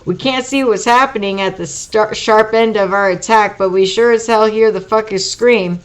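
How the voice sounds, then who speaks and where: A woman's voice: mid-range voice, normal speed, rough recording. A woman reading a first-person audiobook aloud, with profane, wry, casual asides. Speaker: audiobook reader.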